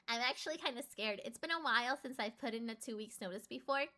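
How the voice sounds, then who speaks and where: Bright chatty young woman streamer. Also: fast talker. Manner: chatty, many fillers, big pitch jumps when excited. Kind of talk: casual chat to stream chat.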